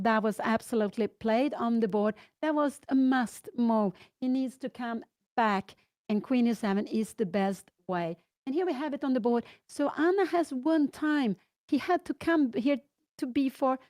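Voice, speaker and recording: Older Swedish-accented woman, chess commentator, excitable, slightly high voice. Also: no room sound. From Sweden. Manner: excitable, thinking aloud through move lines.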